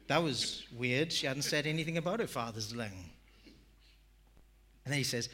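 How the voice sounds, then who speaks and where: Male pastor, mid-pitched, self-deprecating sermon storyteller. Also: expressive, normal speed, a bit bright.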